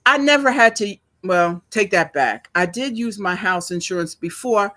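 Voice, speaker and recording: An older woman, telling a story to her viewers in a slow, chatty, emotional way, teary and sniffling. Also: mid-range voice, fairly bright tone. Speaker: vlogger.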